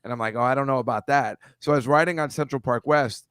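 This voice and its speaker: A man's voice: mid-range voice, fast, clear, resonant tone, no echo. Rambling man. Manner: rambling, self-deprecating, speeds up when excited. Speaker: podcast guest. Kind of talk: casual chat.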